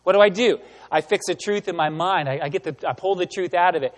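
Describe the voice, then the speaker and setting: A man giving a sermon as pastor, animated and emphatic, asking the room rhetorical questions. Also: high voice, fast talker, in a large hall. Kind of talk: sermon teaching.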